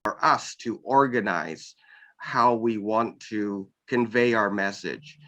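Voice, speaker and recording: A man interviewing a guest, talking slowly and searching for words with many pauses and restarts. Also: on the low side, bright, forceful tone. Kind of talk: casual interview talk.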